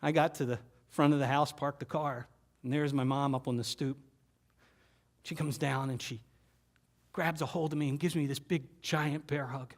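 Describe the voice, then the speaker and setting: Telling a personal story to an audience, this keynote presenter, a man, repeats phrases that fade to a hush and leans on dramatic pauses. His voice is on the high side and steady.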